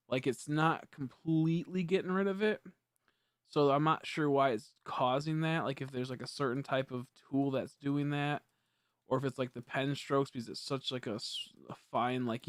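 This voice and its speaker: A man's voice: mid-range voice, no room sound, studio quality. A young man casually chatting on a live stream, rambling and correcting himself, easily frustrated. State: hiccups.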